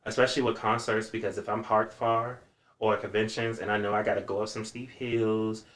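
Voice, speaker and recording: A man chatting as a podcast guest, animated and self-described dramatic, acting out his own reactions as he tells stories. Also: on the low side, a little fast. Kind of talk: casual chat.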